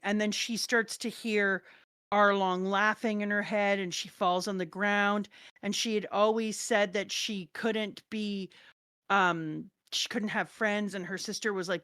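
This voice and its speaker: Animated woman, dry close sound. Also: medium pitch, a little slow, dry recording. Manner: animated, swings from hushed retelling to loud outbursts. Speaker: podcast co-host. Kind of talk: casual chat.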